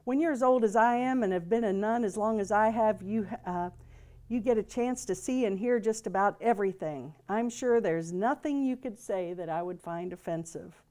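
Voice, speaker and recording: A woman voicing an old nun in a joke she tells, gentle and indulgent in tone. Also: medium pitch, normal speed, natural voice. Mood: sly. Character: elderly female nun, calm and sly, in a told joke.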